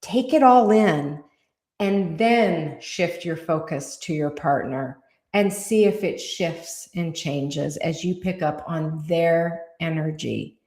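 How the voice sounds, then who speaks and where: A woman co-hosting a podcast, channeling spirit guidance in a calm, measured, deliberate way. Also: low voice, reverberant.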